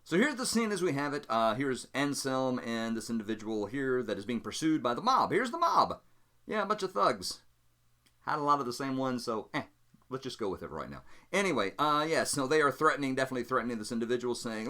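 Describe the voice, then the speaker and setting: Lively, bright-voiced male game master. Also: medium pitch, a little fast. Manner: thinking aloud with fillers, explaining dice rolls. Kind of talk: narrating a solo tabletop game.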